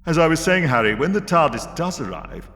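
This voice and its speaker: A man voicing a calm, self-assured eccentric time traveller in an audiobook, brisk and authoritative. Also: fairly high pitch, voice pushed up.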